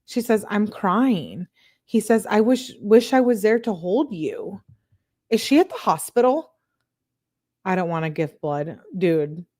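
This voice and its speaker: A woman hosting a show, reading text messages aloud in a plain, steady way and breaking off for blunt, disbelieving asides to her viewers. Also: medium pitch, measured pace. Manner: reads chat comments aloud to viewers. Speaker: channel host.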